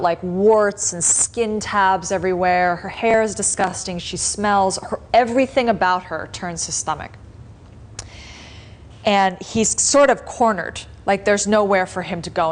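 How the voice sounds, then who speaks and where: Woman, low voice, meditation teacher, loose chatty storytelling. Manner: relaxed, conversational retelling with many fillers. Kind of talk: storytelling in a class.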